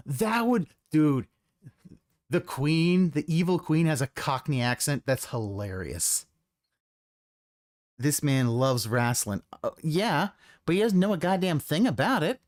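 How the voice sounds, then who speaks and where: A live streamer giving casual reaction commentary, sarcastic and swearing freely, often trailing off and restarting mid-sentence. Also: medium pitch.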